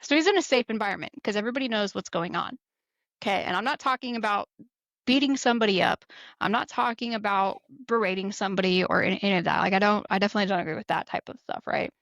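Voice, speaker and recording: Animated woman telling a story. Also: mid-range voice, fast, dry recording. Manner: animated, acts out quotes in a raised voice. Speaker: podcast co-host. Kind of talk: casual storytelling.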